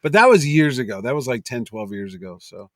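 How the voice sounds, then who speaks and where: A man's voice: mid-range voice, brisk, no room sound, studio quality. A middle-aged man, a convention promoter, telling anecdotes on a podcast and acting out the people in them. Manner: animated storyteller, acts out quotes.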